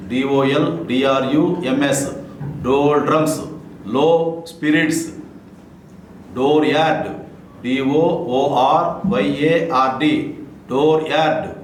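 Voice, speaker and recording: A man teaching English vocabulary, saying each word, spelling it letter by letter, then giving its meaning in a measured way. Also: fairly high pitch. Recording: echoey room with faint noise.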